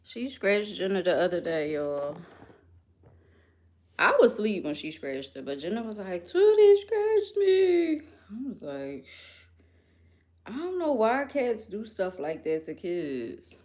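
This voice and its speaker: A woman's voice: fairly low pitch, expressive, unhurried, long pauses. A young woman chats loosely on a live stream, speaking right to her viewers. She takes her time and lets her thoughts wander from one to the next, rambling in no hurry. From Philadelphia, US. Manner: chatty, rambling, talks straight to viewers. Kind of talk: casual live-stream chat.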